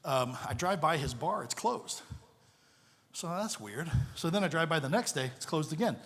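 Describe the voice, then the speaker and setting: A man with a somewhat high voice preaches to a congregation as a visiting missionary pastor. He tells his story in an animated, joking way, and his voice rings with the long reverb of a church hall. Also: normal speed. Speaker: missionary pastor, guest speaker. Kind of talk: storytelling sermon. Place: church sanctuary.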